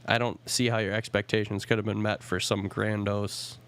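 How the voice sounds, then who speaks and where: A man's voice: fairly low pitch, level tone, moderate pace, fairly bright tone, clear, resonant tone. A man co-hosting a podcast in casual chat, telling stories with frequent restarts. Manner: chatty, storytelling, hesitant restarts. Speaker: podcast co-host. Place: home studio.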